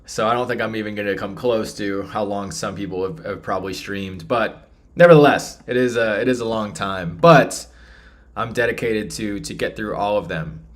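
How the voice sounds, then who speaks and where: A man's voice: lowish voice, normal speed. Rambling man chatting on a stream. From Texas. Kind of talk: casual live-stream commentary.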